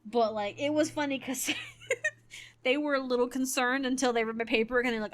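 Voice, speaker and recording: Rambling woman in her thirties, slightly high voice. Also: fairly quick. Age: 30s. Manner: rambling, self-correcting, laughs often. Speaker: gaming streamer. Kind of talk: casual storytelling while gaming.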